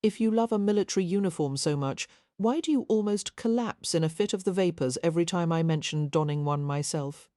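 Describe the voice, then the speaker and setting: A woman reading an audiobook, voicing a young gentleman who teases his sister in a wry, unsympathetic way. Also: lowish voice, brisk, few pauses, no echo, studio quality, natural voice. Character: dry, teasing young gentleman, her twin brother.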